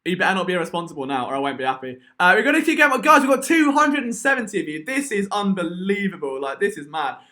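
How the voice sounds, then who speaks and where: Excitable high-voiced English man. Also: quick pace, few pauses. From England. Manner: excitable, rambling. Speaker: live stream host. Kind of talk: live stream chat.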